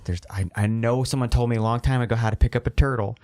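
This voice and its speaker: A young man co-hosting a podcast, telling stories in an animated way, laughing and acting out the voices. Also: medium pitch, quick pace, few pauses. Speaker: podcast co-host. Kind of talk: casual chat.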